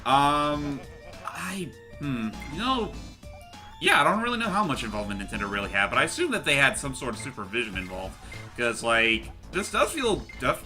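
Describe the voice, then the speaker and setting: A man's voice: mid-range voice, sharp tone. A man hosting a casual video game review chat, rambling and correcting himself as he goes. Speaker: host.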